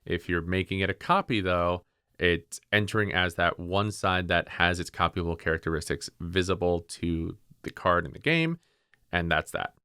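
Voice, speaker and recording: A man co-hosting a podcast, calmly and methodically explaining card game rules in casual chat. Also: low voice, normal speed, clear, resonant tone, dry recording, studio quality. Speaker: podcast co-host.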